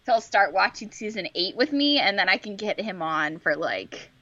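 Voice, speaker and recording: A woman's voice: mid-range voice, sing-song, normal speed, fairly bright tone, no echo. A young woman co-hosting a fan podcast, upbeat and giggly, rambling as she chats. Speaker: podcast co-host. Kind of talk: casual fan podcast chat. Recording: dull, dry lo-fi mic.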